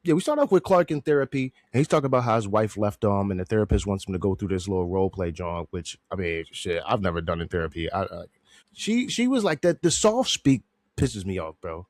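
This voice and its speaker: A man's voice: on the low side, sing-song, a little fast, no room sound, clean studio sound. A man hosting a podcast, chatting casually and rambling, joking and laughing often. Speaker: podcast host reviewing a movie. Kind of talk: casual slangy chat.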